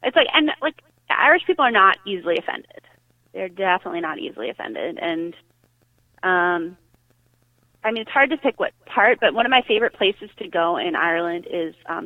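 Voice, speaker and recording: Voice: medium pitch, no echo. A podcast guest from Massachusetts chatting casually over a call, hesitant with many fillers. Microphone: phone or call line. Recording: tinny dry phone line.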